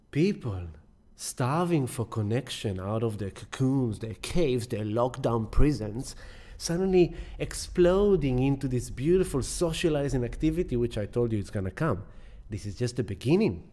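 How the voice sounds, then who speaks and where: A man's voice: medium pitch, lively intonation, measured pace, mellow. Effusive man hosting a live stream. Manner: effusive and affectionate, greeting viewers by name; rambling, with many restarts and repeated words. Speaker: astrology live stream host. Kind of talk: casual live stream talk to viewers.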